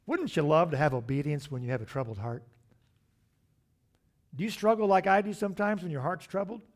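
A man, middle-aged, preaching a sermon, swinging from loud emphatic lines to hushed, drawn-out asides. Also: on the high side, expressive. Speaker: pastor.

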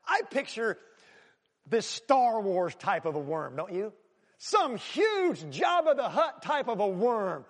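A male pastor preaching a sermon in a church, animated, swinging between loud emphatic lines and hushed asides. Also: high-pitched, takes it slowly, big-room sound.

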